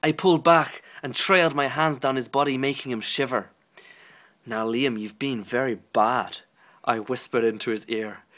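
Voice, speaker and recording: A man's voice: mid-range voice, steady tone, fairly quick, hardly any pauses, a bit bright, natural voice. A young man reading aloud in character as a lustful young Irish male pop singer, with a shaky put-on Irish accent and over-dramatic, stumbling delivery. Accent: put-on Irish, poorly done.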